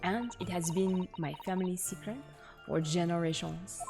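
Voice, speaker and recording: A woman doing a proud French waxwork artisan in a put-on French accent, sly and theatrical, savouring each word as she slips in bits of French. Game music plays softly under her voice. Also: on the low side, fairly even intonation, normal speed, gravelly, voice pushed down. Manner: sly, dramatic, drops French words. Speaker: game character voiced by streamer.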